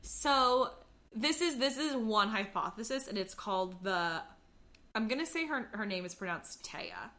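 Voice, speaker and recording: A woman's voice: fairly high pitch, expressive, measured pace, bright, forceful tone. A woman co-hosting a casual podcast, explaining facts in a chatty way with frequent ums. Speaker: podcast co-host. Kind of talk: casual chat.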